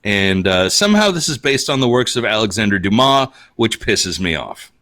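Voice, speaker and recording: Bright-voiced ranting man from Minnesota. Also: on the low side, normal speed. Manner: animated, ranting storyteller who laughs often. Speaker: podcast host. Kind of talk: casual chat.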